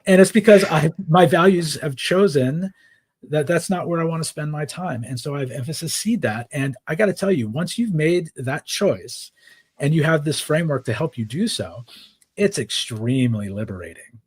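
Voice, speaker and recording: A man's voice: on the high side, lively intonation, normal speed, husky, no room sound. A man, a podcast guest and author, explaining ideas in a conversational interview, often checking in with "right?". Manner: explains frameworks with many "right?" tags.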